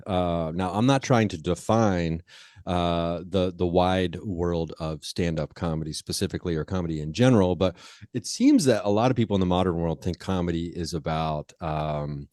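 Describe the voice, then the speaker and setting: A man's voice: low-pitched, normal speed, darkish tone, no echo, clean studio sound. A man hosting a podcast, chatting casually in a rambling way with lots of fillers and restarts. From Ohio. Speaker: podcast host. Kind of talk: casual interview chat.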